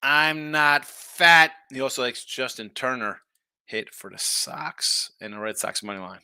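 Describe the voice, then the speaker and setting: A man hosting a sports betting show, chatting casually and reacting to viewer comments in a lively, tired-but-animated way. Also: fairly low pitch, normal speed, gravelly, dry recording, studio quality. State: tired, yawning. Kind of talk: casual betting talk reading chat.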